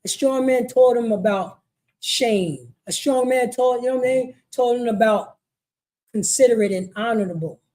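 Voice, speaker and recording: Her voice is a bit high and dark, and her pace is moderate. She leads a religious law class in a meeting hall with a repetitive, emphatic street-sermon style, frequently checking "you know what I mean."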